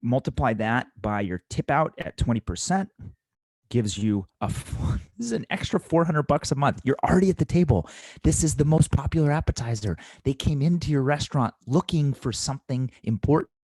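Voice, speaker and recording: A man's voice: medium pitch, expressive, brisk, a little mellow, no echo. A man teaching restaurant servers in an instructional talk, coaching them through the math step by step and repeating key points for emphasis.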